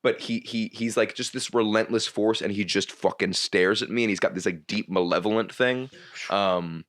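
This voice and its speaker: Rambling man telling a story, deep voice. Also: normal speed, fairly bright tone. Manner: rambling, many restarts, frequent swearing. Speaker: comedian guest. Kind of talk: casual podcast storytelling.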